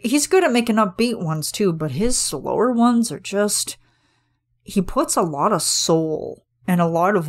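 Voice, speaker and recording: A woman hosting a podcast, chatting casually and gushing enthusiastically about a music video, with many fillers. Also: lowish voice. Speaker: podcast host.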